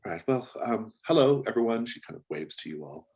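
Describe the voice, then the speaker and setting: A man narrating a tabletop role-playing game as game master, relaxed and chatty, laughing often and using lots of fillers. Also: medium pitch, fairly quick, breathy edge.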